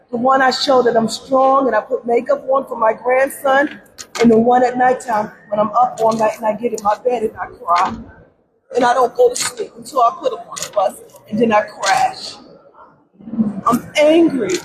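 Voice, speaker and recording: A middle-aged grieving grandmother speaking at a press conference, pleading and tearful, often repeating her words. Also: sits high. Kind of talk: emotional press conference speech. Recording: crowd noise around the speaker.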